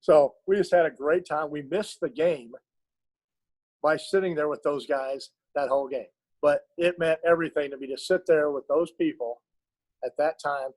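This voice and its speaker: A man's voice: on the high side, normal speed, darkish tone, no room sound, low-quality recording. A middle-aged man, a basketball coach, telling stories in an interview in an earnest, emotional way with many restarts. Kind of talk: storytelling in an interview.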